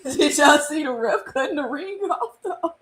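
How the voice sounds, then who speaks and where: A woman's voice: high voice, expressive, unhurried, fairly bright tone. A woman hosting a live reaction stream, talking to her chat in disbelief and often laughing as she comments. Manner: incredulous, laughing, talks to chat. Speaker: boxing streamer host.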